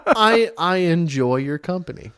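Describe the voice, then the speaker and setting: A man's voice: on the high side, animated, measured pace, a bit bright, smooth. A young man co-hosting a casual podcast, rambling through stories, swearing freely and laughing often. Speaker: podcast co-host. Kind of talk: casual chat.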